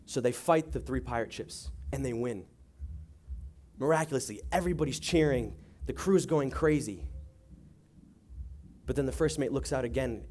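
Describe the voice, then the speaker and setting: Speaking at a moderate pace with frequent pauses, a young youth pastor with a mid-range voice tells a joke story at a church youth service, acting out the voices before praying and reading. A little hiss or hum is audible.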